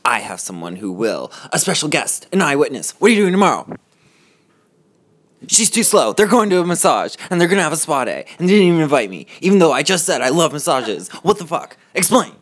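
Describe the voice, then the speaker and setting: A man's voice: fairly high pitch, sing-song, fairly quick. Mock-outraged man hosting a podcast. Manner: mock-outraged, profane, theatrical. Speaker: podcast host. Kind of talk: casual joking podcast banter. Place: cold house.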